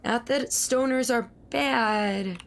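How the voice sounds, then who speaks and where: Slightly high-voiced and taking her time, she chats with viewers while playing a game, her voice weakened from a cold she's getting over. The casual commentary rambles along as she talks to chat, with a bit of background noise behind her.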